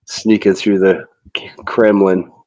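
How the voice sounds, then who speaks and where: A man's voice: sits low, flat delivery, slow pace, dark tone. A man chatting casually and bluntly on a video call. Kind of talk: casual chat.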